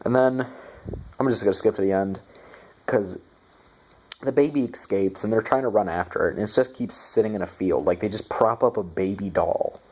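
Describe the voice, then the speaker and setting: A young man talks through a bad movie in a casual review. His voice sits fairly low, and his tone is sarcastic and profane, full of mocking asides. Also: normal speed, darkish tone.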